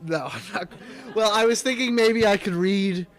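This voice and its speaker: A young man hosting a casual live student TV segment, joking and mock-pompous with quick asides. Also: high-pitched, fairly bright tone, no room sound. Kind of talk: casual live-stream banter. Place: small studio room.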